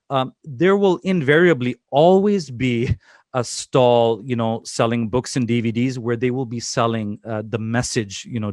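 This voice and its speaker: A man's voice: medium pitch, no echo, studio quality. A young man from Canada hosting an interview over a video call, talking casually with many fillers and restarts. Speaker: interview host.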